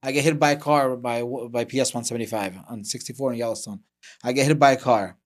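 A man's voice: medium pitch, quick pace. A young man from Russia hosting a podcast, telling stories in casual chat and acting out the voices he quotes. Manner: animated storyteller who acts out quoted voices. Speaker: podcast host.

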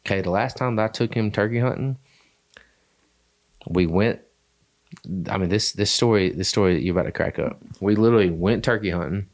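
A podcast host tells a hunting story in casual chat, rambling with many fillers. His voice is on the low side and a little fast, broken by long pauses.

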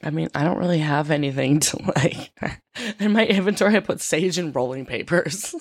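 A giggly player in a comedy tabletop game who stammers and repeats words. The voice sits in a middle pitch and is recorded dry, with no room sound. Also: normal speed, no room sound. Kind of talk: casual tabletop game play.

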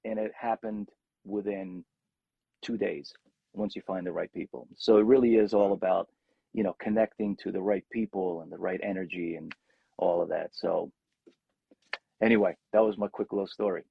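A gravelly, husky middle-aged man with a lowish voice tells stories from his singing career in an animated way, acting out quotes. The sound is dry and a bit dull. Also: moderate pace, no echo. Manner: animated storyteller, acts out quotes. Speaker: rock singer, guest. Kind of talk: casual storytelling interview.

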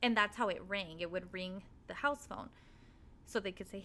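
A woman telling a spooky personal story in casual chat, animated and swearing freely as she acts out what people said. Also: medium pitch, normal speed, creaky, a little hiss or hum. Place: apartment.

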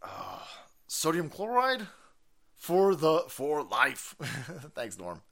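A man's voice: on the high side, slow pace, creaky. A man hosting a live stream, ranting casually and profanely between viewer chats and laughing often. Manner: animated, foul-mouthed, laughs often.

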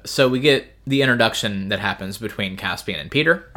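Wry, rambling podcast host, bright voice. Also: male voice, on the low side, a little fast. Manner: wry, rambling, frequent fillers. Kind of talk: casual book discussion.

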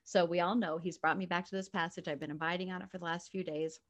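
A woman with a fairly low voice reads a scripture passage aloud. She then reflects on it earnestly, sharing a personal faith story with light laughter. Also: fairly even intonation, fast talker. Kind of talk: reading scripture and sharing a testimony.

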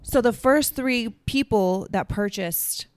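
A woman's voice: a little high, slow, clean tone, no echo. A young woman co-hosting a casual podcast, chatty and emotional, with lots of fillers. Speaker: podcast co-host. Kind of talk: casual chat.

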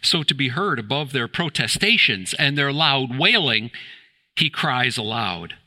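A man preaching in a church with a very bright, forceful voice. He presses his points with rhetorical questions and rises to emphatic exclamations. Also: mid-range voice, animated, a little slow. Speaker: pastor. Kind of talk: sermon.

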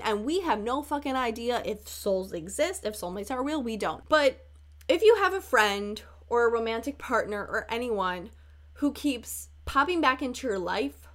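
Chatty young woman podcaster, higher voice. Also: a bit bright. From Chicago, USA. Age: 20s. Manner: chatty, candid, swears casually, laughs often. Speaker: podcast host. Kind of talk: casual solo podcast chat.

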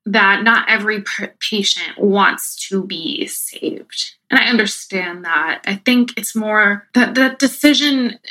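A woman in a casual conversation, with a bright, sharp tone. She is thoughtful and hesitant, often searching for the right words. She sounds reflective rather than rushed. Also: mid-range voice, rough recording.

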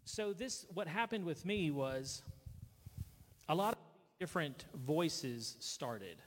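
A man earnestly sharing a personal testimony at a gathering, speaking into a handheld mic with halting restarts. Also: a little high, sing-song, big-room sound.

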